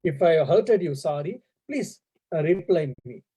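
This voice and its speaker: An earnest, absent-minded old scholar, courteous and formal even when he scolds, as a lecturer acts him out. The voice sits fairly high, with a mellow, husky tone. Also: unhurried, poor audio. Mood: puzzled, stern. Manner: polite, apologetic, formal.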